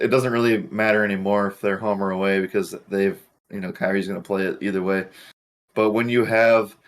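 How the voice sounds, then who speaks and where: A man co-hosting a sports show, giving opinionated takes backed by minutes and stats. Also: fairly low pitch. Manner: opinionated, builds arguments with stats. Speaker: co-host of a sports betting show. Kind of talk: casual sports chat.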